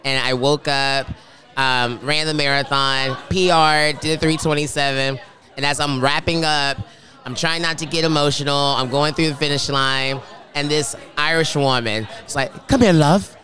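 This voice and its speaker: A man's voice: fairly high pitch, steady tone, moderate pace, sharp tone. A man in his thirties chatting as a marathon runner guest in a casual interview, playful and chatty. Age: 30s.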